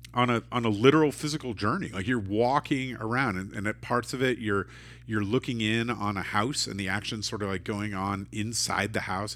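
Low-voiced man hosting a casual chat. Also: fairly bright tone. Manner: rambling, many fillers and restarts. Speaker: podcast host.

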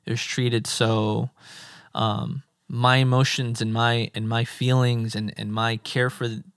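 A man guesting on a podcast, talking earnestly in casual chat, building his point slowly with repeats and fillers. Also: medium pitch, little pitch movement, fairly bright tone, clear, resonant tone, no room sound, clean studio sound.

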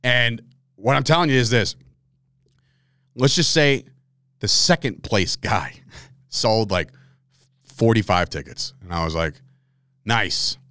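A man, hosting his own podcast and telling his story in a casual, animated way, swearing and laughing along the way. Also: lowish voice, unhurried, pauses often, dry recording, studio quality. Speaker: podcast host.

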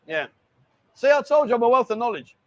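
A man's voice: extremely high pitch, very animated, fairly quick. A man hosting a casual live stream from a bar, joking around and reading viewer messages aloud.

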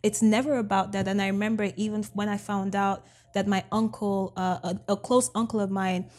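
A woman's voice: mid-range voice, little pitch movement, moderate pace, a little mellow. A woman from Nigeria, a pastor and podcast guest, telling a story animatedly and acting out her own past words.

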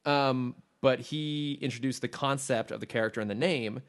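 A man's voice: medium pitch, normal speed. Rambling, enthusiastic male podcast host. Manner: chatty, enthusiastic, rambling with restarts. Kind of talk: casual chat.

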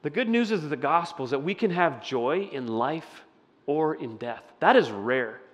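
A man with a somewhat high voice leads a sermon in a loose, chatty way and keeps turning questions back to the room. His voice rings out with a long reverb tail, as if he is in a large church hall. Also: expressive, moderate pace. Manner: conversational, asks the audience questions. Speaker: pastor. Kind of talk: interactive sermon.

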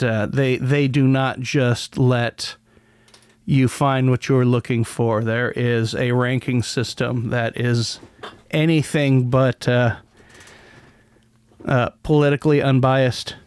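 Male podcast host, sardonic and rambling, smooth resonant tone. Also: mid-range voice, slow pace, dry recording. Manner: rambling, many restarts, sardonic. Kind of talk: casual solo commentary.

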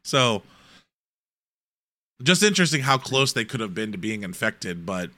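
A man's voice: on the low side, sing-song, measured pace, pushed and bright, dry recording. A man co-hosting a casual podcast, laying out a fan theory in a rambling way. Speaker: podcast co-host. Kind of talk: casual recap chat.

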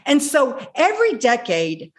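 A woman in her sixties, a guest telling her personal story with animated delivery, acting out her own past words. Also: sits high, measured pace. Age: 60s. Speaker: guest speaker.

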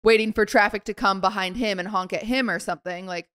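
A young woman co-hosting a podcast, telling a story in casual chat and acting out the quotes with sudden swings in loudness. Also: mid-range voice, fast talker, clean tone. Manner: animated storyteller acting out quotes, swings between soft mutters and loud outbursts. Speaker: podcast co-host.

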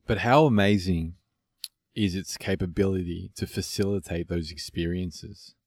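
A man from Australia hosts a relaxed podcast conversation, his deep voice carrying a husky edge. He talks reflectively, circling back with fillers and restarts. The sound is dry and close. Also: normal speed, no echo. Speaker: podcast host. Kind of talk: casual conversation.

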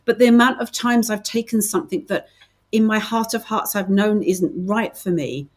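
A woman's voice: mid-range voice, normal speed. A middle-aged woman with a British accent, chatting as a podcast guest, telling stories with many restarts. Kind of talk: casual interview chat.

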